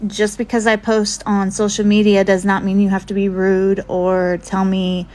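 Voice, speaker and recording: A woman talking back to her online critics in a dismissive, scolding manner. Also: mid-range voice. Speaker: social media poster. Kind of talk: defiant monologue to commenters.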